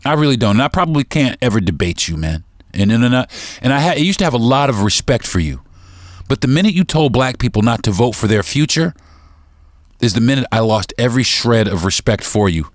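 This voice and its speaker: A podcast host delivers a heated opinion monologue straight to his listeners, calling them "folks." His mid-range voice is fairly quick with lively intonation, recorded dry with clean studio sound, and he repeats words and restarts sentences as he gets worked up.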